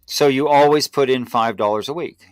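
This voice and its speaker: A man's voice: medium pitch, brisk, clean tone, no echo. A man hosting a live stream, asking careful clarifying questions in casual conversation. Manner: probing, asks clarifying questions.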